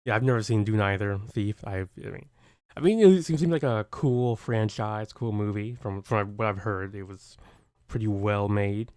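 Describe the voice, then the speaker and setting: A man's voice: lowish voice, moderate pace, darkish tone, smooth, dry recording, studio quality. A man co-hosting a stream, chatting casually with hesitant, rambling restarts and frequent laughs. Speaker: stream co-host.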